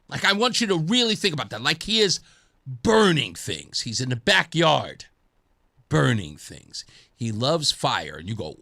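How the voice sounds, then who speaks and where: Man talk host, high lively voice, jokey and animated, studio mic. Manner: animated, jokey, chuckles through his points. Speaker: radio talk show host. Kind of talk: casual talk radio monologue.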